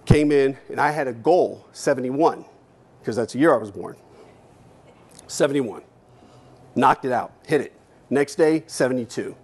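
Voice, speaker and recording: A man in his fifties gives a keynote speech, telling his story in a candid, animated way with casual swearing. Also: medium pitch, measured pace, pauses often, breathy edge. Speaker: keynote speaker.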